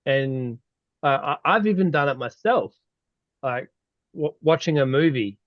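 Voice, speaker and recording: A man's voice: medium pitch, animated, a little slow, no room sound. A man chatting as co-host who talks hesitantly, with many fillers. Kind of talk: casual conversation. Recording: dry, dull lo-fi sound.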